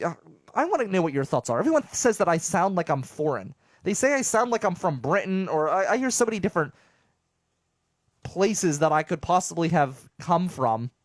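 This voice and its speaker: Young male show host, fairly high voice, chatty and excitable, stumbles over words, dry studio sound. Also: no room sound. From southwestern Pennsylvania. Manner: animated, rambling, jokey, lots of stammered restarts. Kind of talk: casual monologue to listeners. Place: home studio.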